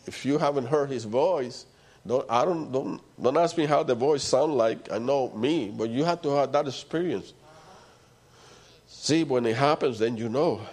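A man preaches with fervent, emphatic conviction. His voice sits a little high for a man, and it swings between raised passages and hushed ones. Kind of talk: sermon.

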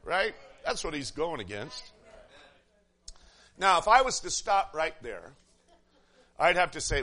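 A man preaching a sermon in an animated way, laughing often and repeating words as he goes. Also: fairly high pitch, a little slow, pauses often.

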